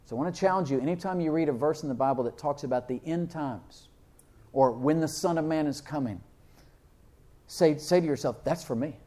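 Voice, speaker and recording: A man preaching a sermon, reading scripture slowly and asking his listeners questions, with loud emphatic peaks and frequent laughs. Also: a little high. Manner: reads King James verses slowly and deliberately; asks the congregation questions and laughs often.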